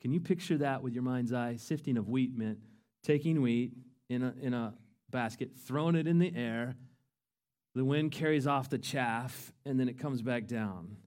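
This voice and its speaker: A man's voice: medium pitch, moderate pace. Passionate male pastor preaching a sermon. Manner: passionate, swinging between hushed and loud.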